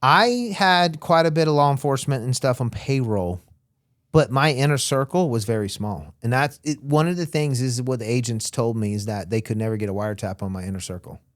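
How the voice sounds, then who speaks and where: A man's voice: medium pitch, fairly quick, dry recording, clean studio sound. A man from Florida, a guest on an interview show, telling his story in casual talk and acting out what other people said. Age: young adult. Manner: animated, acts out quotes of others. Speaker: interview guest, former smuggler.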